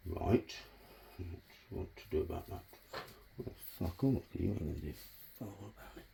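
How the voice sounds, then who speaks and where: A man's voice: low-pitched, moderate pace, vocal fry, mellow, slight background noise. A man vlogging as he works on a bonsai, chatting casually, bantering with himself and swearing freely. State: out of breath. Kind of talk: casual self-talk while working.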